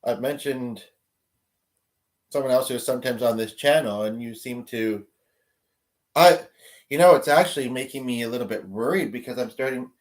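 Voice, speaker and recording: A man's voice: medium pitch, moderate pace, long pauses. A man hosting a livestream, chatting casually with viewers, rambling and thinking aloud as he goes. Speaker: livestream host.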